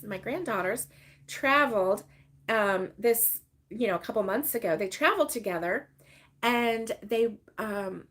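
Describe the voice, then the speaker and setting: An older woman, hosting a casual crochet livestream and rambling through stories with fillers and laughter. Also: on the high side. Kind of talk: casual chat to live viewers.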